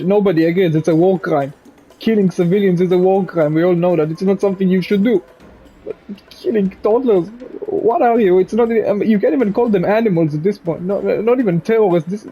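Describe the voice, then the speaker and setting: A young man from Israel talks to camera while crying, his voice high and husky as he stops and repeats himself. The recording is dull and lo-fi, with faint music underneath. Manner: halting, repeating words, frequent "man". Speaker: vlogger. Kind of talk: emotional direct-to-camera monologue.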